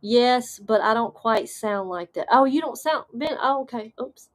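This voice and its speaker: A woman's voice: a little high, measured pace. A woman with a Southern American accent hosting a live stream, chatting casually and easily breaking into laughter. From Southern United States. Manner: laid-back, chatty, laughs easily, many fillers. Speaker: host of a live paranormal stream. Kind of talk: casual chat reading live comments.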